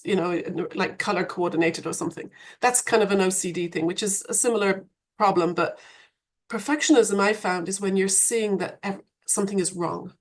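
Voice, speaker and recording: A woman guest on a podcast, telling her story in an animated, reflective conversational way, laughing now and then. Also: medium pitch. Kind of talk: podcast interview.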